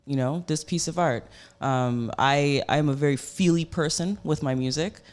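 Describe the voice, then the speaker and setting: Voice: mid-range voice, moderate pace. A radio host chatting with guests in a studio, effusive and rambling, with many fillers. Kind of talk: casual radio interview.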